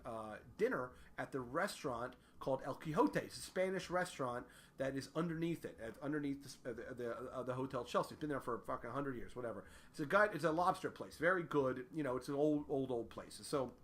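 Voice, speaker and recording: A man telling a rambling, profane, self-deprecating comic story in a casual way. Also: a little high.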